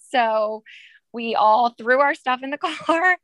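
Bright, chatty woman in her thirties. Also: sits high, slow, no room sound. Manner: chatty, many fillers, laughs while telling. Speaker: interview guest, schoolteacher. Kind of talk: casual storytelling.

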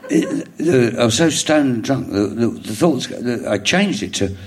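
A middle-aged man with a London accent, a comedian guest telling a rambling anecdote on stage before a live audience, with halting restarts, chuckling as he goes. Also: medium pitch, lively intonation, slight background noise. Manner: rambling storyteller, halting restarts, chuckles through his stories.

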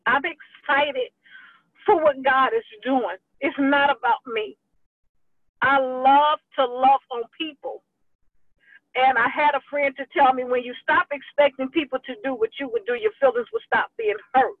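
A woman's voice: high voice, measured pace, no echo. A woman ministry leader giving a fervent, emotional online church address to her group, talking folksy and direct. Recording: dry, tinny phone-like line.

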